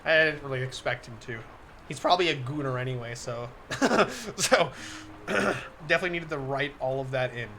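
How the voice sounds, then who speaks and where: A man's voice: medium pitch, normal speed, sharp tone, slight background noise. A man on a live stream reading a visual novel aloud, getting flustered, laughing often and breaking off to comment to his chat.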